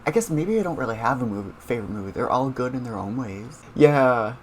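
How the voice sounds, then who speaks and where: A man's voice: medium pitch, expressive, fairly quick, a little hiss or hum. A man hosting a casual reaction show, chatting with viewers about cartoon scenes and using lots of fillers.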